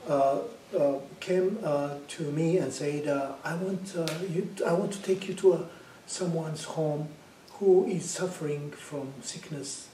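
Man, Amharic speaker, testimony preacher, hesitant fillers, mellow higher voice, echoey room far from the mic. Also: unhurried, a little hiss or hum. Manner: hesitant with frequent 'uh' fillers, rising to loud fervent praise. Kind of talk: spoken testimony, sermon-like storytelling.

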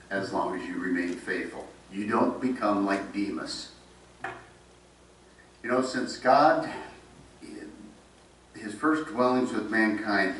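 A man's voice: fairly low pitch, a bit bright. A man with a Midwestern American accent preaching a sermon, reading scripture aloud with emphasis and then explaining it. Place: church sanctuary. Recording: very echoey room, voice from a distance, faint noise.

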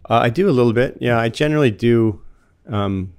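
A man in his fifties from Florida, a guest telling relaxed stories in casual conversation. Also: mid-range voice, fairly quick, clean tone. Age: 50s. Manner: relaxed and chatty, laughs easily while telling anecdotes.

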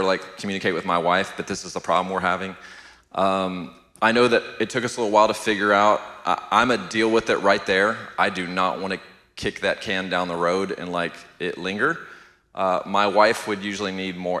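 A middle-aged man, teaching a church marriage class in a steady, even-keeled, conversational way. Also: low voice, in a large hall. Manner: steady, even-keeled, asks the room "how many know".

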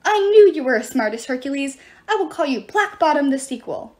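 A woman's voice: very animated, fairly quick. A woman doing a shrieking little dwarf thief. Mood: gleeful. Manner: shrill, wailing and squealing. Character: panicky small male twin dwarf thief.

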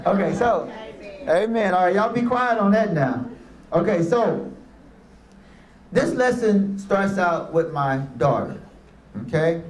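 A man delivers a motivational speech, pulling his listeners in with stories and calls for an amen. His voice sits high for a man. It rings around an echoey room full of people. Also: animated, slow, pauses often. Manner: storytelling with call-and-response. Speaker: motivational speaker. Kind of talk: motivational speech to youth and parents. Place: room with a live audience.

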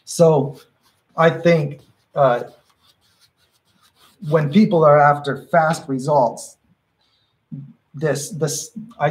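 Regular-pitched guy teaching painting live, chill and encouraging, keeps restarting sentences while he thinks. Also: poor audio. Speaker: painting instructor. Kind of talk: live painting workshop demonstration.

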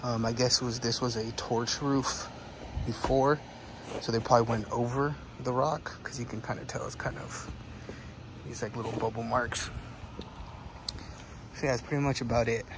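A man's voice: medium pitch, fairly even intonation, moderate pace, long pauses. A young male roofer walking rooftops outdoors and casually explaining what he sees, at times out of breath. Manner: loose, explaining as he walks the roof. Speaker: roofing salesman and foreman. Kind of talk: casual walkthrough vlog. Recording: outdoor noise behind the voice.

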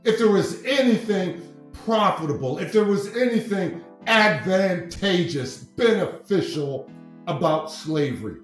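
Deliberate, emphatic male storyteller. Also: sits high, lively intonation, reverberant, faint music behind, rough recording. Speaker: host and educator. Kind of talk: storytelling talk. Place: home study.

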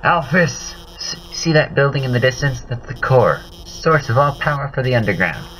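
A man voicing a nervous female lizard scientist who stammers through her lines, high and flustered. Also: sing-song, normal speed, a bit bright, slight background noise, rough recording. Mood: excited. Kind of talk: game dialogue voiced by a player.

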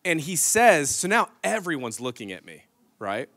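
A man in his thirties preaching to his church, telling a story with lots of energy. His voice is bright and forceful, and he often laughs. He swings from loud outbursts to near-whispered asides. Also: fairly high pitch, sing-song, moderate pace. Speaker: pastor. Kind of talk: storytelling sermon. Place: church stage.

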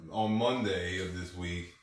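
A man's voice: low voice, unhurried. Man telling a rambling story in an echoey room. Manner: rambling anecdotal delivery with restarts. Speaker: podcast host. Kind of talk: casual storytelling chat. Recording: echoey room, distant from mic.

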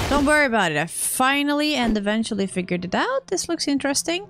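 A woman's voice: high-pitched, sing-song, a little fast, fairly bright tone, soft background music. A woman giving chatty let's play commentary, often scolding herself and talking back to game characters. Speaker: gaming streamer.

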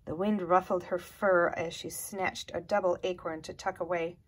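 A woman reading a children's picture book aloud in a slow, gentle, expressive way, sometimes dropping to a hush. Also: lowish voice, slightly rough. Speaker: storyteller.

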